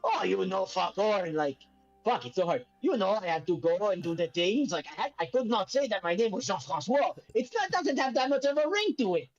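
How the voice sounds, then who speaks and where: A man's voice: high-pitched, very animated, a little fast. A man voicing a swaggering male sea captain with a put-on French accent, over faint music in a dull, lo-fi recording. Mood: boastful. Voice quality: mock French accent, crude and boastful.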